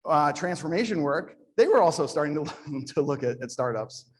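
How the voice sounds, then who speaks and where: A man's voice: on the high side, lively intonation, normal speed. A man speaking to a live audience at a startup event in a conversational, self-deprecating way, with frequent restarts. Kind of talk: live conference talk.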